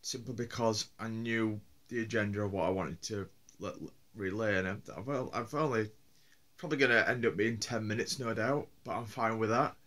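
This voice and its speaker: A man's voice: lowish voice, normal speed, fairly bright tone. A man from Yorkshire with a Yorkshire accent, vlogging on his own in a rambling, hesitant way with many fillers and restarts. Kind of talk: casual solo vlog.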